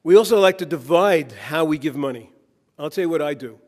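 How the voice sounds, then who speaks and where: A keynote speaker addresses a conference audience with anecdotes and jokes delivered in a preacher's rhythm, the hall's long reverb trailing each phrase. His voice is a little high for a man and a little mellow, and he's animated and fairly quick.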